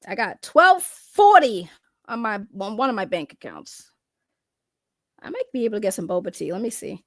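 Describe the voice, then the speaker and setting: A woman with a Boston accent hosting a casual livestream, loud and laughing, swearing as she talks to her chat. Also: mid-range voice, sing-song, fairly quick, dry recording, studio quality. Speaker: livestream host.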